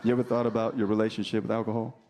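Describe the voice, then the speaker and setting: Racing through his set, a stand-up comic in his thirties teases the crowd with brash, profane humor. His lowish voice is level in tone and a little mellow. The live club recording has a faint crowd and a little hiss or hum.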